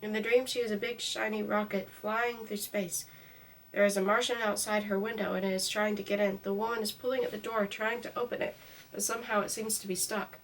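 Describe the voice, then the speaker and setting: A woman reading a storybook aloud in a calm, even way, her mic a little distant. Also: mid-range voice, a little fast, a little hiss or hum.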